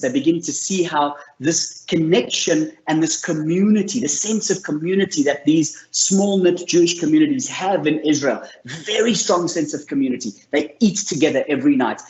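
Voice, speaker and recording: A man with a fairly high voice talks earnestly and encouragingly, telling a personal story as part of a mental health lesson. The sound is roomy, with a somewhat muffled, lo-fi quality. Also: a little mellow. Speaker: mental health course presenter. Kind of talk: motivational talk to camera. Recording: roomy, slightly dull sound.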